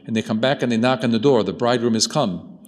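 A man preaching a sermon as a priest, talking to his congregation in an animated way, moving from quiet, intimate asides to loud, emphatic peaks. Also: mid-range voice, fast, in a large hall. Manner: animated, swings from soft to loud.

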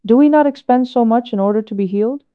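A woman reading a solemn homily aloud in a measured, earnest way, with many rhetorical questions. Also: fairly high pitch, clean tone, narrow, tinny audio. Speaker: reader of a sermon.

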